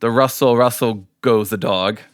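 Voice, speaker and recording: A podcast host with a mid-range, clear, resonant voice speaks at a moderate pace. He tells rambling stories in casual conversation and laughs often. The studio recording is clean, with no room sound.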